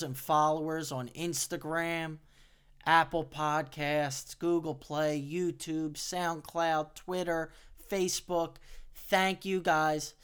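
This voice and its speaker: A man's voice: on the high side, smooth. A man co-hosting a podcast in casual chat, upbeat as he thanks listeners. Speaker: podcast co-host.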